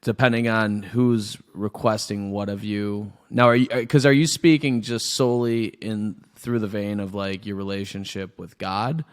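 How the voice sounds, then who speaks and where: A man's voice: lowish voice, steady tone, normal speed, few pauses, clean tone. A man hosting an interview, chiming in with friendly asides and follow-up questions. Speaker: podcast host. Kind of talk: interview conversation.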